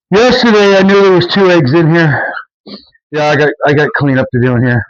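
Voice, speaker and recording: A man's voice: a little high, normal speed, pauses often, no echo, highs cut off. Chatty man rambling on his farm. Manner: rambling, loose and chatty, many fillers and restarts. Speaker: homesteading vlogger. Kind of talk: casual walk-and-talk vlog. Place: outdoors on a farm yard with animals.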